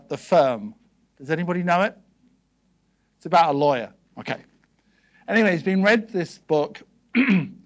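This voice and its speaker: A man giving a seminar talk to a live audience, asking them quick questions and checking in with "okay" and "yes?" as he goes. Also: fairly high pitch. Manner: conversational, peppered with "okay" and "yes?". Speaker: seminar speaker.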